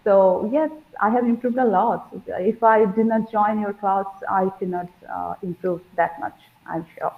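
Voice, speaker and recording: A woman's voice: mid-range voice, fairly even intonation, measured pace, few pauses. A woman from India with an Indian English accent, a Bengali speaker, talking as a student in an online interview, hesitant with many fillers. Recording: echoey tinny call audio.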